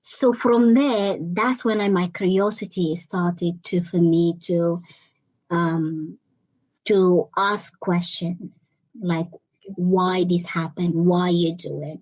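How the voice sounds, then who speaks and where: Brief: young adult woman, interview guest, earnest and halting, lowish pitch, dry recording. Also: fairly even intonation, a little mellow, no room sound, low-quality recording. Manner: earnest, halting, repeats words as she searches for them. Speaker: interview guest, life coach. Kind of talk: personal testimony in conversation.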